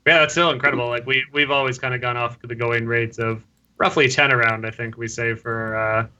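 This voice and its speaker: A man's voice: mid-range voice, fairly even intonation, a little fast, pushed and bright, smooth, highs cut off. A man hosting a podcast, talking bluntly and casually and swearing now and then. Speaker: podcast host.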